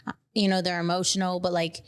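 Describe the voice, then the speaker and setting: A young adult woman with a Texan accent, a podcast guest, tells a casual story about a painful memory, her emotional retelling full of fillers and restarts. She speaks at a quick pace in a fairly low, flat-pitched voice. Her tone is smooth and clear.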